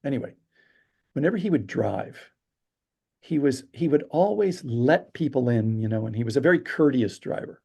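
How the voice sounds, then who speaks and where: A man telling stories as a podcast interview guest, animated and acting out the people he quotes. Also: mid-range voice, normal speed, creaky, husky. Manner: animated storyteller, acts out quotes. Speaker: storyteller guest. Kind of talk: casual interview chat.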